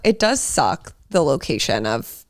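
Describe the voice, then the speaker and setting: Lively young woman chatting, lots of "like". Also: a bass voice, measured pace, no echo, clean studio sound. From Los Angeles. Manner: chatty storyteller, lots of "like" and laughter. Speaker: podcast co-host. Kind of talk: casual chat.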